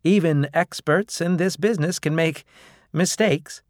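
A man voicing a strained female TV reporter who talks with forced brightness. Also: on the high side, a little slow, dry recording, clean studio sound, pitched above the performer's own voice, lightly acted. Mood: forced cheer.

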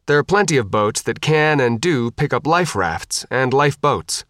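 A man's voice: medium pitch, animated, moderate pace, fairly bright tone, voice pushed up, close to an everyday voice. A man reading the part of a young woman boat captain, firm and commanding. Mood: bossy.

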